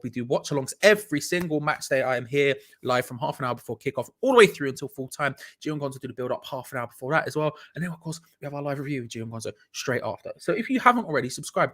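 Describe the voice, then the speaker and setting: A man's voice: mid-range voice, a bit bright. A young man from England hosting a live football watch-along, chatting casually as he reads out viewers' messages, rambling and self-mocking with restarts and playful asides.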